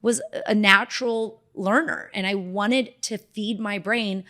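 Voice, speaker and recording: Animated middle-aged woman telling her story. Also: medium pitch, measured pace. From Southern California. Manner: animated, acts out quoted voices. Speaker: dermatologist guest. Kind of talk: casual interview storytelling.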